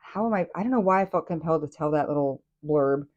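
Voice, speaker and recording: Female tarot host, low-ish voice, chatty and easily excited, rambling delivery. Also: quick pace, dull audio. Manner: excitable, enthusiastic, chatty with many fillers and restarts. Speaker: tarot reader and channel host. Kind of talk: casual tarot reading to camera.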